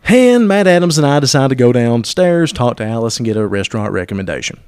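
Profane podcast host telling stories. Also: male voice, medium pitch, big pitch swings, fast talker, darkish tone, smooth, dry recording, clean studio sound. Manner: profane, self-interrupting, laughing at himself. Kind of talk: comic storytelling.

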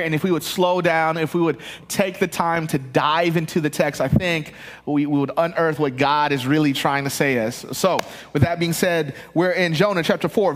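Male pastor, high voice, animated sermon delivery from a church stage. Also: in a large hall. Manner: animated, acts out the voices in the scripture reading.

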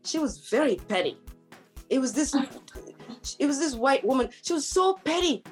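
A woman co-hosting a talk show speaks in a chatty, storytelling way. Her voice sits a little high. Faint music plays under her voice. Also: big pitch swings, normal speed. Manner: chatty storytelling, laughs often. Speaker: co-host. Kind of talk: casual chat.

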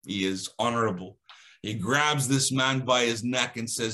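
A man tells a religious story to a listener. His tone is bright and forceful, and he swings his pitch when he acts out the characters' lines. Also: moderate pace. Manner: dramatic, acts out dialogue with shifting pitch.

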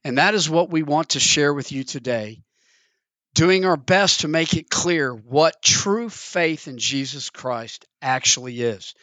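A man's voice: measured pace, pushed and bright, dry recording. A man preaching a sermon, telling a parable in an earnest storytelling manner. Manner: earnest, storytelling, acts out the characters in pitch.

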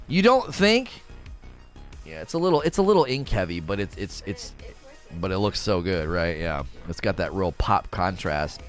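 A young man streaming, ranting indignantly in a casual, animated way, sometimes mocking others in quoted voices. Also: low voice, moderate pace, soft background music. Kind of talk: casual livestream rant.

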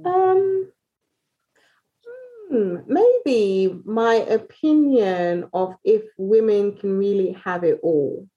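A British woman speaking as a podcast guest in a candid, casual chat, talking openly and quickly and often restarting her phrases. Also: medium pitch, expressive, muffled recording. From Britain.

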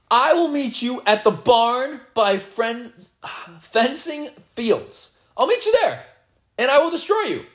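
A man giving live gameplay commentary, excitable and playfully boastful as he trash-talks. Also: sits high, echoey room. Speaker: gamer.

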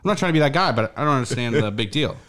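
A man in his thirties hosting a podcast, chatting casually with a joking, animated delivery and plenty of swearing. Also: mid-range voice, rapid-fire. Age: 30s. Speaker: podcast host. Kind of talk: casual comedic chat.

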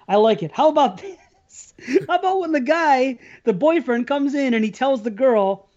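A man's voice: high-pitched, dull audio. A man co-hosting a casual movie chat, swearing often and laughing as he tells stories. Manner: profane, laughing, animated storyteller. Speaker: podcast co-host.

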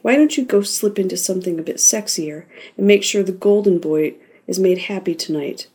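A woman's voice: mid-range voice, moderate pace, mellow, lightly acted. A woman voicing a sleazy, threatening male sports manager in an audiobook. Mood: menacing. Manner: smug, threatening, coaxing.

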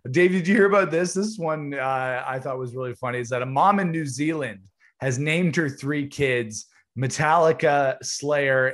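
Podcast co-host, adult man, mid pitch, easygoing, enthusiastic music fan. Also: fairly bright tone. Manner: enthusiastic, joking. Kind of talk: casual chat.

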